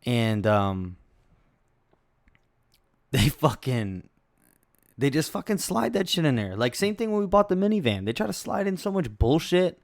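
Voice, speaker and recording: A young adult man hosts a casual solo podcast, rambling through stories in a loose, profane, laid-back way. His voice is fairly high and sing-song, with a measured pace and long pauses. The recording is studio quality with no echo.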